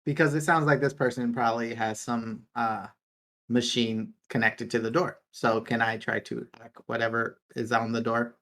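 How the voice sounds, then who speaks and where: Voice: mid-range voice, little pitch movement, normal speed, a bit bright. A player in a tabletop game, speaking casually with many hesitations. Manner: hesitant, full of ums and likes.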